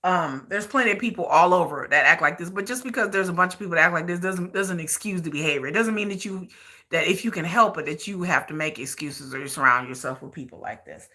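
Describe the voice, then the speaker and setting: Bright sharp woman ranting blunt, repeating herself for emphasis. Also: lowish voice, quick pace. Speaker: commentary channel host. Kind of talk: opinionated commentary.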